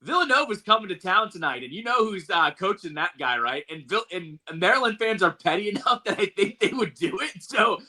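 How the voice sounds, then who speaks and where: A man's voice: sits high, very animated, brisk, few pauses, bright, forceful tone. A man co-hosting a sports podcast, talking in an emphatic, joking, riled-up way in casual chat.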